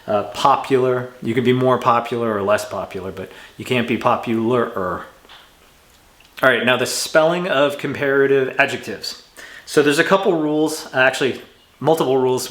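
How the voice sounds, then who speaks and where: A man teaching an English grammar lesson from home, in a relaxed, chatty way that often corrects itself. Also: medium pitch, reverberant. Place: home room with a cat.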